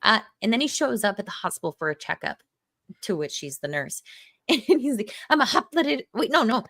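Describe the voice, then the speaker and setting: A woman recapping film scenes on a casual podcast, with a bright, lively voice that leaps up when she laughs. She is on a close, dry computer mic. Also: medium pitch, a little fast, dry recording. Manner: giggly plot recapping. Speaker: podcast co-host. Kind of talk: casual chat.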